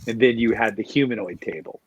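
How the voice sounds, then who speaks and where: A man's voice: fairly low pitch, a little fast, husky, dull audio. A man in a casual roundtable chat, joking and riffing on silly ideas. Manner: jokey, riffs on silly ideas.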